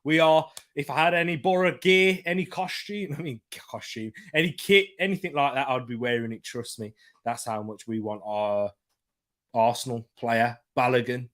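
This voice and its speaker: A young man hosting a live football watchalong, chatting casually with lots of slang and shout-outs as he reads viewer comments. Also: fairly high pitch. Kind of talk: live-stream chat, reading viewer comments.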